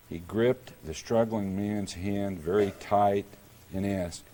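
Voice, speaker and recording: A middle-aged man from Kansas, a mayor, delivering a prepared public lecture in a measured, deliberate storytelling manner. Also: low-pitched, steady tone, warm tone.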